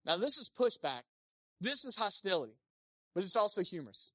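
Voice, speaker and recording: Animated bright-voiced pastor preaching a sermon. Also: mid-range voice, a little fast, no room sound, studio quality. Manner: animated, swings between loud emphasis and quiet asides; acts out quoted speakers in playful voices.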